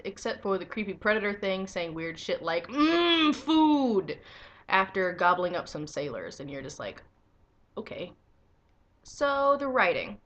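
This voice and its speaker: A young woman giving a casual video review of a comic book, excitable and swearing freely, breaking into enthusiastic squeals. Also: fairly low pitch.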